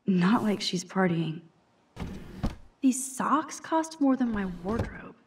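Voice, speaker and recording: A woman's voice: medium pitch, sing-song, slow, noisy background. An actress voicing a dry, sardonic teenage girl student in a video game. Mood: wry. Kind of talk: game character dialogue.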